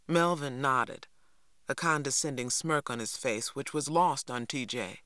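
A narrator reading a novel aloud in a measured, steady storytelling manner. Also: medium pitch, dry recording, studio quality. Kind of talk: audiobook narration.

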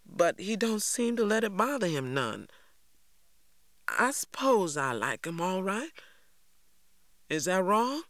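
A man's voice: high voice, big pitch swings, slow pace, long pauses, fairly bright tone, no room sound, clean studio sound, voice pushed up, heavily acted. A man voicing an earnest, questioning boy. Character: earnest thoughtful Southern boy.

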